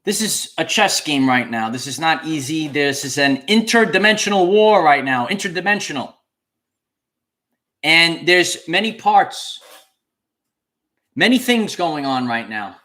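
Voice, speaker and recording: A man speaks straight to his livestream audience, his voice sitting a little higher than most men's. He repeats his key phrases over and over with a preacher's earnest emphasis. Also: animated, unhurried, bright, forceful tone. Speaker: channel host. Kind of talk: livestream talk to viewers.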